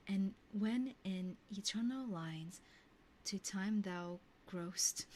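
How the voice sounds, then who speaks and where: A woman streamer speaking in a soft whisper, reading verse and joking casually between lines, in a whispered role-play. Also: lowish voice, a little hiss or hum.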